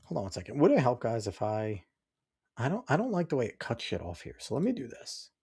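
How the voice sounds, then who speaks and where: Male host for a casual reaction stream: rambling, easily riled, middle-pitched voice. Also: wildly swooping pitch, a little fast, a little mellow, slightly rough. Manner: rambling, exasperated, talks back at chat and the clip. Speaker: podcast host reacting to a clip. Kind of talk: casual livestream reaction commentary.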